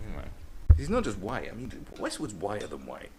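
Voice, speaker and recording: A man's voice: fairly low pitch, huge pitch swings, quick pace, hardly any pauses, a little mellow, a little hiss or hum, low-quality recording. A man hosting a podcast, telling rambling, sweary stories in a casual monologue.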